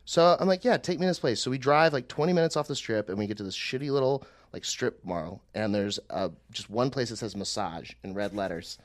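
A man's voice: on the low side, expressive, brisk, hardly any pauses. A young man, a podcast co-host, telling a rambling and self-deprecating comic story, swearing casually.

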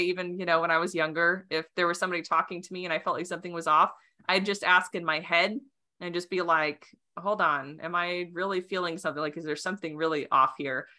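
Bright lively woman guest, casual storyteller, filler-heavy, slightly low voice. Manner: animated, acts out quoted voices; many fillers like "you know" and "like". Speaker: podcast guest.

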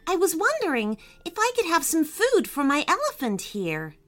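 Reading a children's storybook, a woman takes on the full character voice of Annika, a bright, kind, bold young girl. Her delivery is high and eager, with wildly swooping pitch, a fairly bright tone, and a moderate pace.

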